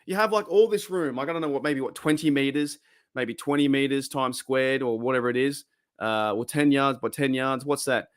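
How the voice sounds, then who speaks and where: A young Australian man hosting a live-streamed fan show, chatting excitably and rambling with many restarts. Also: mid-range voice, normal speed, no echo, clean studio sound. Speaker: fan podcast host.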